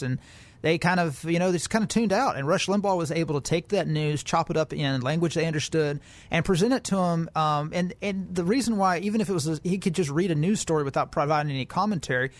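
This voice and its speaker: Male podcast co-host, slightly high voice, casual read-aloud delivery with fillers and restarts. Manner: reads news quotes aloud, with fillers and restarts. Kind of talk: casual political podcast chat.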